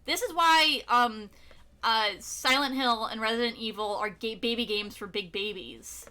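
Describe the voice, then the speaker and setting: Bright, bubbly woman streamer. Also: fairly high pitch, a little hiss or hum. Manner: bubbly, teasing, quick to laugh. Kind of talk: casual chat while playing a game.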